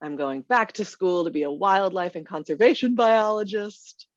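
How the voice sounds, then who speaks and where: An American woman from Texas, a podcast guest, talking in a relaxed, wry way. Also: medium pitch, moderate pace, no echo, muffled recording. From Austin, Texas, United States. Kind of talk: casual podcast chat.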